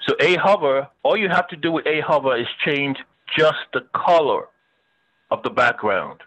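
Bright-voiced man teaching web design. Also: a little high, normal speed, low-quality recording. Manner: chatty, thinks aloud while demonstrating; joking with students. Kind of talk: casual screen-share lecture.

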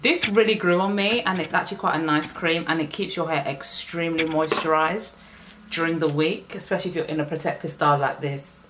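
A young woman with a low, full voice talks her viewers through her hair routine at home. She chats freely and breaks into exclamations, picked up on a camera mic with a faint hiss underneath. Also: brisk. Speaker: natural hair vlogger. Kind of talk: casual hair care vlog.

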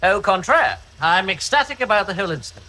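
An actor with a posh English accent playing a sardonic, scheming courtier in a TV sitcom, sarcastic and cutting. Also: male voice, high voice, sing-song, quick pace, sharp tone, a little hiss or hum, heavily acted. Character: sardonic, scheming male courtier, quick and contemptuous.

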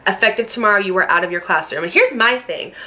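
A young woman telling a personal story straight to camera with a bright, forceful voice. She is heated and blunt, swearing freely and firing off rhetorical questions. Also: mid-range voice, quick pace. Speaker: storytime vlogger. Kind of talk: casual storytelling.

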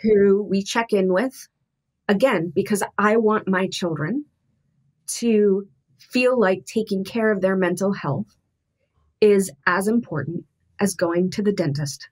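A middle-aged woman, a podcast guest, talking candidly and thoughtfully with frequent restarts. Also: medium pitch. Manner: earnest, thoughtful, halting with restarts.

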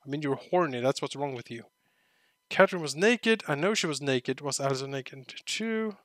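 Bright, dry-voiced man reading a game aloud. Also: mid-range voice, lively intonation, normal speed, no echo. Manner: reads in-game narration aloud with joking asides, bursts into loud outraged shouts. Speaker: let's play commentator.

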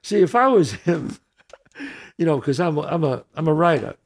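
Lively-pitched man hosting a chat show. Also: creaky. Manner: chatty, interjecting with quick reactions. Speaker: talk show host. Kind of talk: casual interview chat.

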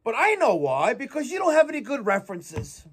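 A man ranting angrily to his viewers. He swears a lot and swings between shouting and muttering. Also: very high-pitched, wildly swooping pitch, brisk, breathy edge. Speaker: plumbing business owner and show host. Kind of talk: ranting monologue to camera.

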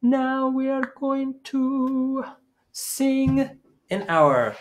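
A man leads a young children's music lesson from his home, speaking at an unhurried pace into a microphone on a stand. He is playful, breaking into a silly sing-along tune between short explanations. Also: very high voice, expressive. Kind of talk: live-streamed kids' music lesson with singing.

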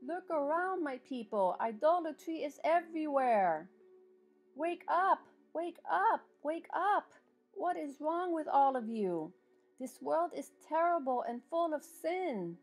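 A woman's voice: medium pitch, fairly even intonation, measured pace, darkish tone, voice pushed down, natural voice. Woman voicing the stern fatherly Lord. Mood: urgent. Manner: solemn, rising to urgent pleading warnings. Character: stern loving male Lord, fatherly, pleading.

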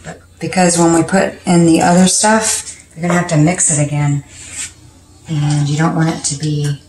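A woman's voice: deep voice, flat delivery, moderate pace, darkish tone, a little hiss or hum. A woman hosting a home cooking video, chatting casually and laughing often as she cooks. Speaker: cooking show host. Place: home kitchen. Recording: echoey kitchen with music.

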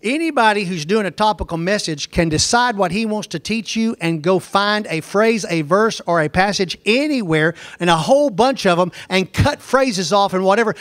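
Emphatic high-voiced male Bible teacher. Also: expressive, normal speed, hardly any pauses, fairly bright tone, no echo, studio quality. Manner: emphatic, repeats points, asks pointed questions. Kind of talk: classroom Bible lecture.

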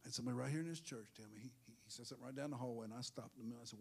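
A male pastor preaching a sermon in church, swinging from hushed asides to shouted, sing-song peaks. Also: mid-range voice, racing, husky.

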